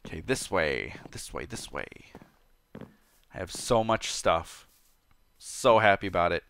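A chatty man talks through a video game in an easygoing let's-play style. His voice sits a little low, and he sounds playful, eager and quick to get excited. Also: creaky, clean tone, dry recording. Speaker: gameplay commentator. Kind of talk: casual let's-play commentary.

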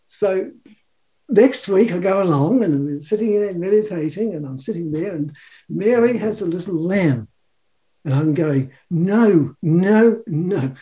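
A man's voice: high voice, expressive, moderate pace, mellow. A New man in his seventies telling a personal story in a rambling, chuckling way, acting out the quotes. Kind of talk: casual storytelling.

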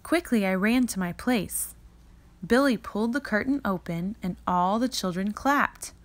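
Woman slowly reading a picture book aloud. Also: medium pitch. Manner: slow, expressive read-aloud delivery. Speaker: reader.

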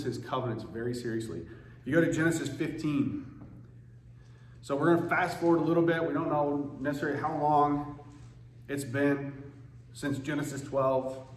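A man preaching a sermon as pastor, in an earnest, conversational way. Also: mid-range voice. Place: church sanctuary. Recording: echoey church room with faint noise.

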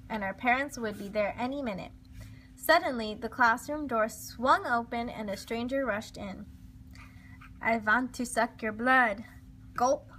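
Bright, expressive woman reading a storybook. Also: fairly high pitch, slight background noise. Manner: lively, expressive. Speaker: storybook reader. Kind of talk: children's storybook read-aloud.

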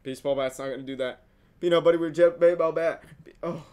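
A man's voice: a little high, fairly even intonation, a little fast, long pauses, a little mellow, clean tone. A man giving casual reaction commentary on horror shorts, jumpy and slangy, yelping and swearing when startled.

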